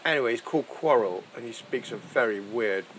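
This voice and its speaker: A man's voice: mid-range voice, brisk, fairly bright tone, a little hiss or hum. A man chatting casually as co-host, restarting his sentences and laughing easily. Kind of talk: casual chat. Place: indoors, clip mic.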